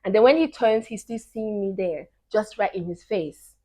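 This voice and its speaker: A young woman talks to her camera, handing out dating tips in an easy, casual way. Her voice sits at a middle pitch. She leans hard on her main points, saying them again and again, and often drops low before coming back loud. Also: normal speed. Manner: emphatic, repeats key points, swings between hushed and loud. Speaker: dating advice vlogger. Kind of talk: casual advice talk to camera.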